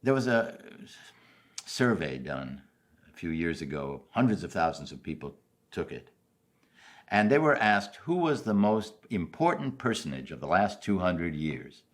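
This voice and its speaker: Deep-voiced older man telling a story. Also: measured pace. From New York City. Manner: animated storyteller, jumping from loud highs to soft asides. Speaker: commencement speaker. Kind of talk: storytelling speech.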